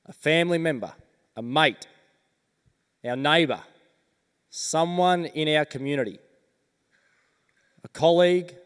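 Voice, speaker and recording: A man's voice: a little high, clean tone. Earnest man rallying a crowd. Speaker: keynote speaker. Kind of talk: motivational talk on stage. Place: large conference hall. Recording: reverberant conference hall.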